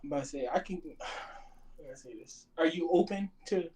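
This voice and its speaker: A man's voice: a little high, normal speed, a little mellow, rough recording. A man calling in to a casual debate, hesitant and apologetic, often stopping to search for words. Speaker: caller.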